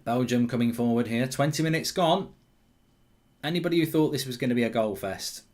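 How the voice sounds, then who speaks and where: A man's voice: mid-range voice, fairly quick, darkish tone. Chatty man hosting a football watchalong. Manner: chatty, reads viewer comments aloud, many ums and restarts. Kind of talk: casual live-stream chat and commentary.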